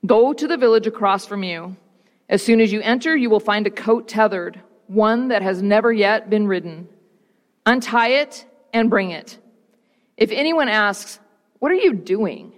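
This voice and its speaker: A woman voicing a calm, kind male teacher who gives measured instructions. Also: mid-range voice, big-room sound, lightly acted. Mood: instructing.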